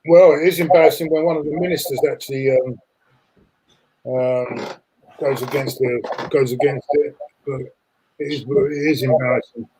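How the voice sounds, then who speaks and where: A man's voice: medium pitch, steady tone, normal speed, dark tone, a little hiss or hum, low-quality recording. A man co-hosting a casual live stream, blunt and rambling, with some swearing. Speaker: co-host.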